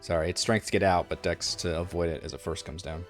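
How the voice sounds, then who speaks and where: A man's voice: low-pitched, steady tone, quick pace, faint music behind. A man running an online tabletop game as game master, talking casually and thinking aloud with many fillers.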